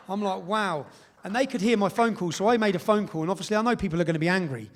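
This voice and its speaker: With a high, animated voice and a fast delivery, a middle-aged British man gives a live speech in an event hall. He recounts his story emphatically, often closing sentences with "yeah?".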